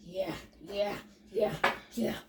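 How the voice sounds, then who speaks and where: A woman's voice: medium pitch, fairly even intonation, slow pace. Woman chiming in with yeah yeah yeah, lots of chatter around her. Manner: repeats yeah over and over. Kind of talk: casual chat.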